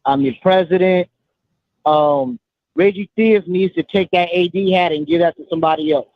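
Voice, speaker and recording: Man, caller, fairly high voice, emphatic, repetitive, tinny phone line. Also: normal speed, dry recording. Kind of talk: call-in opinion.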